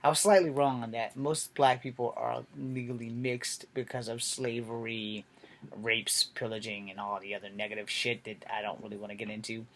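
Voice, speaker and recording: A man's voice: medium pitch, flat delivery, moderate pace, fairly bright tone. Man, casual vlog storyteller, candid and rambling, profane, mid-range voice. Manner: candid, rambling, swears freely. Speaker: vlogger telling a personal story.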